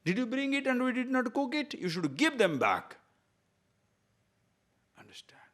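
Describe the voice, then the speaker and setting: A man's voice: very high voice, very animated, unhurried, a bit bright. A man giving a discourse on scripture as a spiritual teacher, emphatic and full of rhetorical questions, sometimes chanting verses in Sanskrit.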